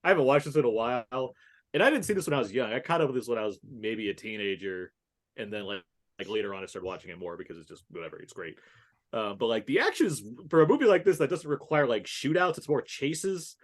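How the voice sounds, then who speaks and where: A man co-hosts a casual film podcast, his pitch swinging widely as he gets animated. He laughs often and swears without a second thought. The talk stays loose and conversational throughout. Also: fast. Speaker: podcast co-host.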